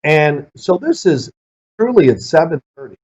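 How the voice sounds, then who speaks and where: Middle-aged male guest, fairly high-pitched, spins lively anecdotes, dull recording. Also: normal speed, husky. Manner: lively storyteller who acts out quoted people. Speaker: interview guest, former pro quarterback. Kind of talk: anecdotal interview answers. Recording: dull lo-fi sound.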